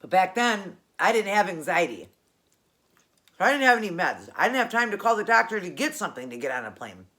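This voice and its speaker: A woman's voice: mid-range voice, sing-song, fairly quick, fairly bright tone. A woman hosting her own channel, telling a personal story in a chatty, rambling way and correcting herself as she goes. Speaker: cooking channel host.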